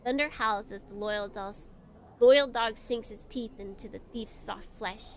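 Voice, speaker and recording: A woman streamer playing a visual novel, laughing at the story and reading its narration aloud in a hushed, dramatic tone. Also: on the high side, unhurried, a little hiss or hum. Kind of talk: let's play commentary and dramatic reading.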